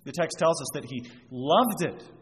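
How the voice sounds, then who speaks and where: A pastor delivers an expository sermon, working through scripture verse by verse and drawing out everyday examples. His voice is a little high with lively intonation at normal speed, and the recording has long reverb and faint background noise.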